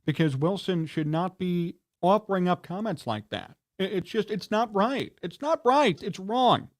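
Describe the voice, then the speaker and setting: Male sports talk host with a high voice. Heated, indignant, scolding rant. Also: expressive, normal speed.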